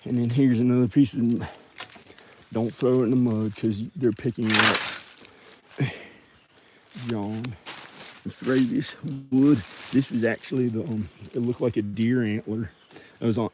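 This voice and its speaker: A man's voice: medium pitch, steady tone, normal speed. Man, mid-range voice, rambling jokey vlog chatter, faint background noise. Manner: rambling, joking, talks to himself and the viewers. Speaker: video creator. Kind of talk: rambling casual commentary while clearing junk.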